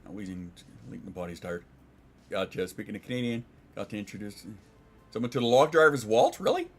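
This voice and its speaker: A man's voice: lowish voice, big pitch swings, brisk, soft background music. A man streaming from home, chatting casually and rambling, swearing and reading out chat messages.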